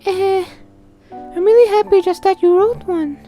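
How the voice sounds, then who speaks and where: Sayori, a bubbly high-voiced schoolgirl. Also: a little slow, soft background music. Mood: affectionate. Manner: gushing, giggly, easily excited. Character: cheerful bubbly teenage girl, airheaded and sweet. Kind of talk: voicing a visual novel character.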